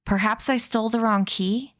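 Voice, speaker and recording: A woman's voice: on the high side, fairly even intonation, moderate pace, fairly bright tone, no echo, studio quality, natural voice. A woman voicing a mischievous, proper invisible boy in a read-aloud story, with a pleased-with-himself delivery. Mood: smug.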